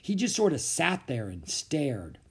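A man reading a children's novel aloud as a podcast storyteller, with expressive, animated narration. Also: a little high, unhurried, slightly rough.

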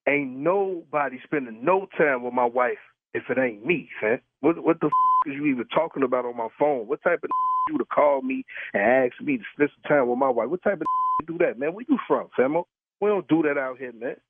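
A man's voice: medium pitch, expressive, a little fast, no room sound. A man's voice comes through a thin, phone-like line in a dry, close sound. He talks bluntly in street slang, swearing and pressing the caller with questions. He is worn out from long shifts. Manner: blunt street slang, swears, keeps asking who is calling. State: tired from work. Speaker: prank call target, truck driver. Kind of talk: phone conversation.

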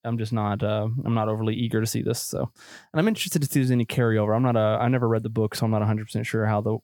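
A man chatting casually about movies as a podcast co-host, excitable and joking, with lots of fillers. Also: on the low side, very fast, dry recording, studio quality. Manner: excitable, crude jokes, many fillers.

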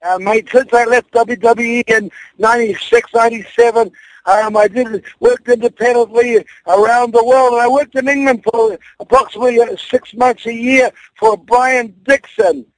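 An older man with a New Zealand accent, a guest wrestler joking loudly and brashly in a rowdy interview. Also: extremely high pitch, steady tone, moderate pace, no room sound, low-quality recording. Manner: loud, brash, jokey, says bloody and mate.

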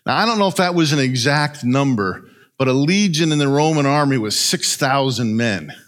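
A man preaching a sermon, retelling a story in an animated way and often asking "right?". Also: mid-range voice, normal speed. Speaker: pastor.

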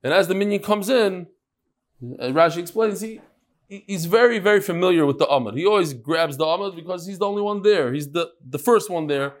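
A middle-aged man teaching a daily Talmud class with lively storytelling and quick asides. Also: sits high. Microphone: on Zoom.

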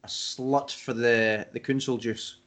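A man speaks hesitantly on a casual podcast, stumbling over his words. His voice sits at a middling pitch. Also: steady tone, takes it slowly, fairly bright tone. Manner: hesitant, stammering restarts. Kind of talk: casual banter.

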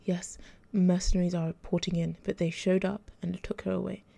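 Woman reading as fearful groveling immortal servant, gravelly, dark tone. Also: on the low side, little pitch movement, moderate pace, no room sound.

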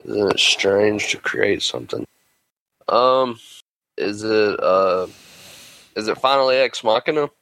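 A man's voice: fairly low pitch, lively intonation, slow pace, pauses often, a bit bright, no echo, rough recording. A man trading profane jokes and rambling guesses in a casual movie quiz with friends. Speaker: quiz contestant. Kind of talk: casual banter.

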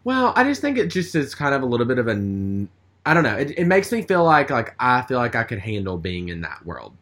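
A man's voice: medium pitch, huge pitch swings, a little fast, fairly bright tone. A man telling a story in casual chat, rambling with lots of fillers. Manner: rambling, chatty, with many fillers.

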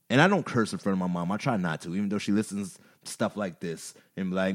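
A man with a lowish voice tells personal stories openly and with feeling. He breaks into laughter now and then and curses casually. His talk is loose, animated and confessional. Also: fairly quick. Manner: emotional, laughing, expressive storytelling with curses. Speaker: podcast guest, rapper. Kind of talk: candid storytelling chat.

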